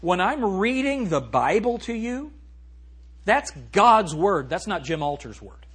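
A man preaching a sermon as pastor in a church, animated and swinging from loud to hushed, reading scripture slowly and emphatically. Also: high voice, husky. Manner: reads scripture in a slow, emphatic cadence. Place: church sanctuary.

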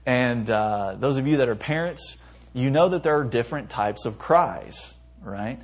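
Young male pastor, husky voice, casual sermon, stumbles and chuckles. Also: mid-range voice, lively intonation, a little slow. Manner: conversational preaching with stumbles and self-amused laughs.

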